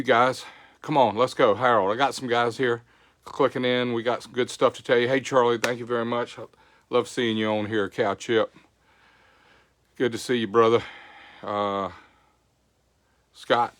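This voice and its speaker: A man's voice: medium pitch, fairly bright tone. An older man hosting a casual livestream, folksy, greeting viewers by name. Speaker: show host. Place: home.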